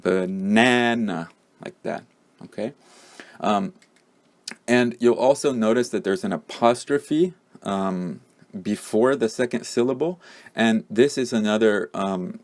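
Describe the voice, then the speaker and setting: Low-voiced male teacher. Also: darkish tone. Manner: explanatory, many fillers, slow and careful. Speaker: English teacher. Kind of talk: pronunciation lesson.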